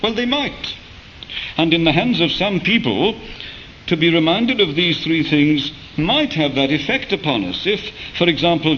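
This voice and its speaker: A man preaching a sermon, speaking in a measured way with rhetorical questions and occasional hesitations. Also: a little high, a bit bright, muffled recording, slight background noise.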